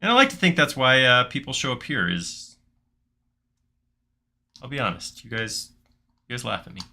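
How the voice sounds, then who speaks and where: A man hosting a live software modeling stream, thinking aloud in casual chat as he works. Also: mid-range voice, very animated, moderate pace. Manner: chatty, thinks aloud with restarts while clicking. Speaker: livestream host modeling in software.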